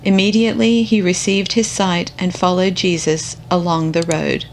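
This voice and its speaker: Woman giving a slow, measured scripture reading. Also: lowish voice, level tone, slight background noise. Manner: measured, unhurried. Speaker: scripture reader.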